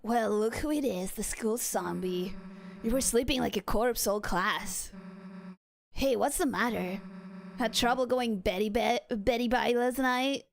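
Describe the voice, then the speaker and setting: A woman voicing a gruff, blunt teenage monster girl from a video game, in a lower, teasing drawl. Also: measured pace.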